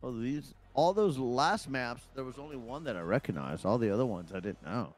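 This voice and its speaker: Animated man joking over a game. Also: medium pitch, brisk, soft background music. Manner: playful, jokey, swings between loud and quiet. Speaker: gaming friend. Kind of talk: casual gaming chat.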